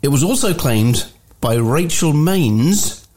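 A man co-hosting a podcast, halting and full of fillers, with cheeky interjections. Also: fairly high pitch, lively intonation, darkish tone, slight background noise. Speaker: podcast co-host. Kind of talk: casual chat.

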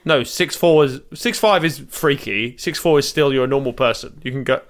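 A man's voice: medium pitch, normal speed. An English man co-hosting a comedy podcast, protesting in mock indignation during casual banter.

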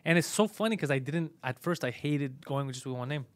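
A man's voice: a little high, animated, brisk, no room sound. A man hosting a podcast in casual chat, laid-back and self-mocking, swearing freely. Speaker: podcast host.

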